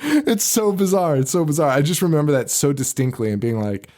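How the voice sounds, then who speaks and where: A man in his thirties talks through a film in a loose podcast chat, his voice sitting a little high for a man. He laughs easily and slips into little acted-out voices when he retells a scene. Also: brisk. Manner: animated, laughs often, acts out quotes. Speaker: podcast host. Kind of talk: casual chat about a film.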